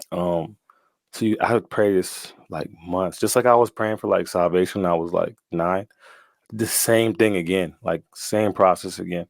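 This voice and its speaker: A young man with a fairly low voice tells his story as a guest in a loose, slangy way, laughing often and leaning on "like" and "bro." The recording is dry and close. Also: fairly even intonation, moderate pace, creaky, no echo. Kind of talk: casual storytelling.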